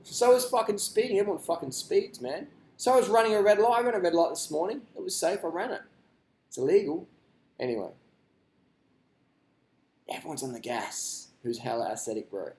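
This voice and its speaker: A man's voice: a little high, expressive, a little fast, long pauses, darkish tone, reverberant. A man hosting a live stream, answering viewer questions in a blunt, rambling, profane way. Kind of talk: casual unscripted live stream chat.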